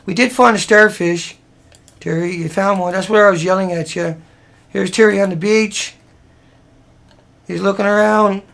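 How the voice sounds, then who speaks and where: A man's voice: high-pitched, gravelly, a bit bright. A man talking casually over a slideshow of photos, rambling in a plain-spoken way and often restarting his sentences. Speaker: presenter walking viewers through photos.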